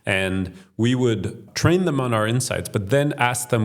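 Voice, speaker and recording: A man's voice: medium pitch, lively intonation, unhurried, few pauses. A man answering interview questions as a think tank's chief executive, laying out his points in a structured, explanatory way. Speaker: think tank chief executive, podcast guest.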